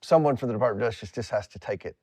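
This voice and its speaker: A man giving a measured, matter-of-fact account in a TV interview. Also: medium pitch, a little mellow, dry recording.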